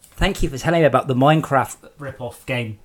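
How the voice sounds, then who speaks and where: Sarcastic husky streamer man. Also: mid-range voice, a little fast. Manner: sarcastic, scolding chat trolls. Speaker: game streamer. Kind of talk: live-stream chat with viewers.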